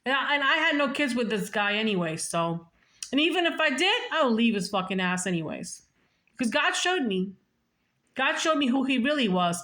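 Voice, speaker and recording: High, bright-voiced blunt woman vlogger. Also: expressive, a little fast. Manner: blunt, profane, emphatic; repeats and restarts words. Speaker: vlogger telling her own story. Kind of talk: casual storytelling vlog.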